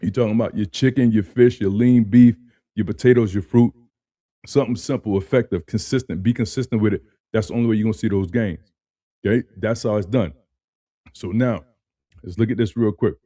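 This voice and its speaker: Low, mellow-voiced man in slangy reaction talk. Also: steady tone, fairly quick, dry recording, studio quality. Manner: loose, slangy, repeats phrases, adds "man" often. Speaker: host reacting to a video. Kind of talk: casual reaction commentary.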